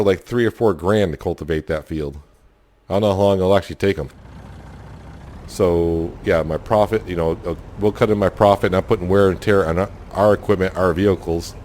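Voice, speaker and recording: A man's voice: low voice, darkish tone, slight background noise. A man casually commenting while playing a farming game, thinking aloud and rambling with lots of fillers. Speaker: gaming channel host. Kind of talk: casual let's-play commentary.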